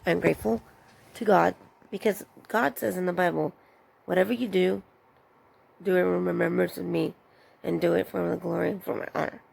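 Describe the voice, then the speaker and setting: A woman's voice: normal speed, creaky, pauses often, breathy edge. A woman who works in retail, casually telling a story about her job and acting out what her coworkers said. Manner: animated, acts out others' lines with higher pitch. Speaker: retail store worker.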